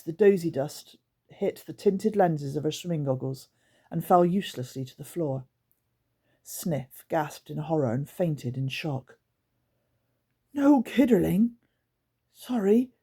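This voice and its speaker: A woman narrating a children's book aloud in an expressive storytelling manner. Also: low-pitched, breathy edge. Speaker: audiobook narrator.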